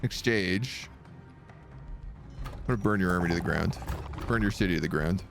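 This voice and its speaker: A man's voice: low-pitched, normal speed, creaky, music in the background. A man casually commenting on a strategy game he is streaming live, talking to his units and making playful sound effects.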